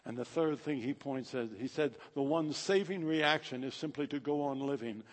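A man preaching a sermon in a dramatic, rhythmic delivery that swings from loud to hushed. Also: mid-range voice, moderate pace. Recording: echoey hall.

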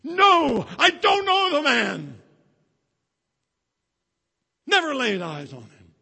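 A man voicing a frightened fisherman who loudly denies knowing someone, in a sermon retelling. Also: very high-pitched, wildly swooping pitch, slow pace, creaky, big-room sound, pitched above the performer's own voice, heavily acted. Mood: frantic. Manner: shouting, frantic denial. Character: panicked frightened fisherman denying all.

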